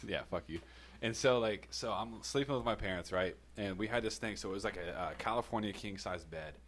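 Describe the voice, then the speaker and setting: A man's voice: fairly low pitch, moderate pace, a bit bright. A man on a podcast telling a personal story in a loose, rambling way, swearing often and laughing between lines. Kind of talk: casual storytelling.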